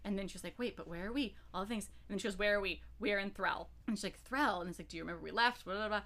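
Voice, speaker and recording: A woman's voice: mid-range voice, racing, a bit bright. A woman co-hosting a book podcast, emotive and gushing as she recaps scenes in casual chat. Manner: emotive, gushing, quotes with dramatic gasps. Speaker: podcast co-host.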